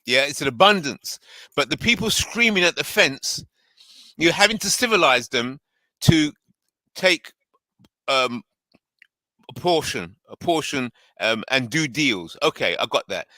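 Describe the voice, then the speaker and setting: A man hosting a casual panel discussion, animated and laughing often as he acts out voices while he paraphrases. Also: medium pitch, a little slow, long pauses, no echo, poor audio.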